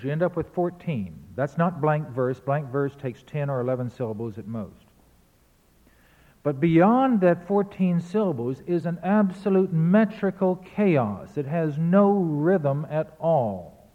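A man's voice: a little high, unhurried. A man lecturing on verse, explaining rhythm and chanting the beats aloud to demonstrate. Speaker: literature lecturer. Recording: tinny phone-like sound in a reverberant hall.

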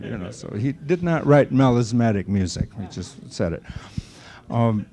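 Speaking at normal speed in a mellow, mid-range voice, an older man tells stories about an old friend during an interview. He is an anecdotal storyteller who performs the remarks he quotes as he reminisces.

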